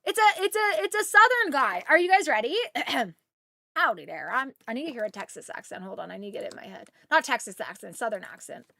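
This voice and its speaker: A woman's voice: sits high, big pitch swings, fast talker, creaky, hardly any pauses, bright, forceful tone, dry recording. A woman from Canada streaming a game, chatting with viewers in a rambling, storytelling way. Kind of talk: casual chat with viewers while gaming.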